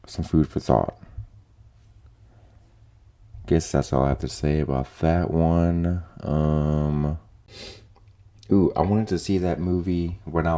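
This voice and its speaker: A man's voice: rumbling low, dark tone. A young man hosting a casual solo podcast, ranting in an opinionated, profane, rambling way with lots of fillers. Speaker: podcast host.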